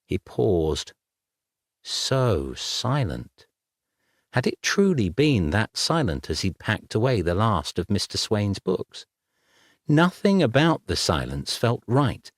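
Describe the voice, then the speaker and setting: Male audiobook narrator, low voice, dry booth sound. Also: no echo. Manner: measured, even storytelling. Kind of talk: scripted narration.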